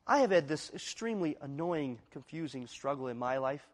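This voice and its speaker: A man preaching a sermon, shifting from quiet, confessional passages to loud, emphatic ones and acting out the voices of inner struggle. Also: on the high side, expressive, brisk, long reverb tail. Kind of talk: expository sermon.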